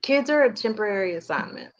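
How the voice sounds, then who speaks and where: A woman co-hosting a podcast, speaking in a measured, reflective way in casual chat. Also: medium pitch, lively intonation. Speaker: podcast co-host. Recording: muffled lo-fi audio.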